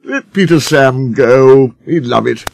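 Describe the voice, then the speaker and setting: A man's voice: medium pitch, slow, gravelly, darkish tone. A man voicing a haughty, sulky male engine who snorts and grumbles. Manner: snorting, lofty and rebellious.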